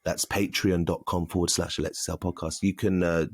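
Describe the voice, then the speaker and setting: A man's voice: sits low, flat delivery, brisk, dry recording, studio quality. Chatty man co-hosting a podcast. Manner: chatty, reads plugs and notices aloud with fillers. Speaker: podcast co-host. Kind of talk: casual chat.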